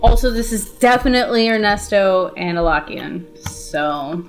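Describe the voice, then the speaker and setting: A woman's voice: medium pitch, expressive, faint music behind. Blunt, foul-mouthed woman gaming. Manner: blunt and swearing, quick to laugh. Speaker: tabletop game player. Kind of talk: casual chat.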